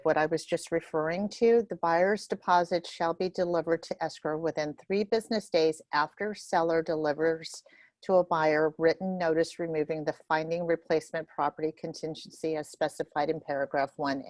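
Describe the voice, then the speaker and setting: A woman leads a real estate training session, going through contract forms one box at a time. Her voice sits a little low, and she talks quickly and nervously, with many ums and restarts. The sound is dry and close, with no room echo.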